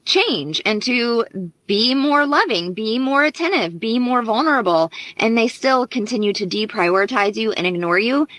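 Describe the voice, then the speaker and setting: A woman's voice: on the high side, animated, moderate pace, a bit bright, no echo, rough recording. A woman relationship coach giving earnest, explanatory advice straight to camera. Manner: earnest, explanatory, acts out parents' voices. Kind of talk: direct-to-camera advice video.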